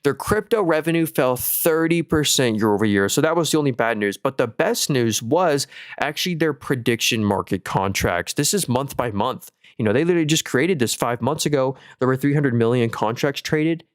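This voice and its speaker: A man's voice: medium pitch, expressive, moderate pace, no room sound, clean studio sound. A young man hosting a live stock market stream, talking casually and upbeat through earnings numbers, with fillers and restarts. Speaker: stock market livestream host.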